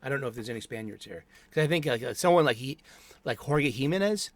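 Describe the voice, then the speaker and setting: A man's voice: medium pitch, expressive, fast talker, dry recording. A middle-aged man hosting a casual solo chat, rambling with many restarts and fillers. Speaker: host. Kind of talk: casual solo chat about comic books. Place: home studio.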